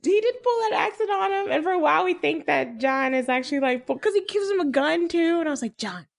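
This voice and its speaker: A woman co-hosting a casual movie recap chat, animated and laughing often, swearing freely. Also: very high voice, fast, vocal fry. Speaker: podcast co-host.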